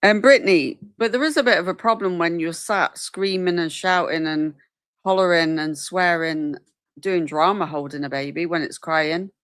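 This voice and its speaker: Woman co-host, lowish voice, chatty, dry sound. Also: normal speed, a bit bright, clear, resonant tone, no echo. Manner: chatty, reads and thanks the chat. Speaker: livestream co-host. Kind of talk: livestream chat.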